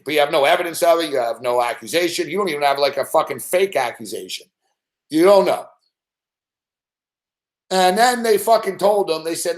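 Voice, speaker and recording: A man's voice: on the high side, animated, normal speed, echoey room. A man hosting a sports betting show, ranting in casual commentary and retelling a story with profanity and mocking quoted voices.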